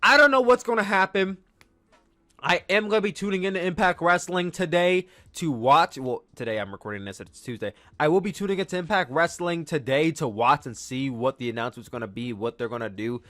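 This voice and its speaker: A man hosting a podcast, recapping in a casual, excitable, rambling way and acting out quotes. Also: a little high, a little fast. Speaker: podcast host.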